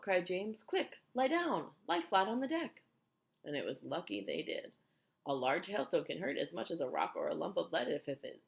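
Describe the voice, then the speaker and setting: A woman reading a children's book aloud, telling it in an expressive, animated way. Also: low-pitched, creaky. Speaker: storyteller.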